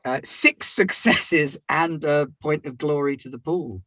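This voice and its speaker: A man's voice: fairly high pitch, measured pace, bright, forceful tone, no room sound. A man running a tabletop game as game master, narrating matter-of-factly with wry asides.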